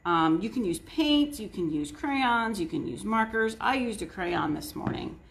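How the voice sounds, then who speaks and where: A woman's voice: mid-range voice, lively intonation, a little slow, vocal fry. Chatty woman leading a kids' craft. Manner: friendly, chatty, addresses kids directly. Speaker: children's librarian. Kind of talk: online story time and craft lesson for children. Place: indoors at a table. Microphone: camera set on the table.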